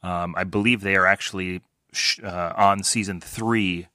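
Bright-voiced man, dry jokester. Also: low-pitched, fairly even intonation, measured pace, smooth, no echo. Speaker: podcast guest. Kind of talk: casual chat.

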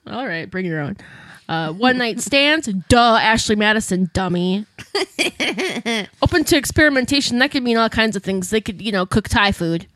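A woman's voice: fairly high pitch, animated, normal speed, a bit bright, no room sound. A woman co-hosting a podcast in casual chat, blunt and profane, often breaking into giggles. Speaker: podcast co-host.

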